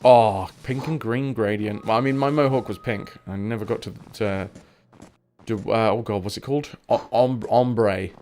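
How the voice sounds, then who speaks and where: A man's voice: fairly low pitch, normal speed, darkish tone, faint music behind. A man chatting and joking while playing a game on stream, swearing freely. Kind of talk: casual game commentary.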